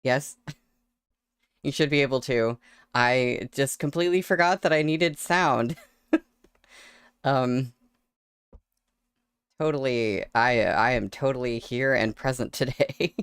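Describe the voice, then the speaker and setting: Chatty, giggly woman on a smooth dry mic. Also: very deep voice, slow pace, long pauses, no room sound. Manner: chatty, laughs often between words. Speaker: streamer reading novels aloud. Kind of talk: casual livestream chat. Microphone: desk microphone.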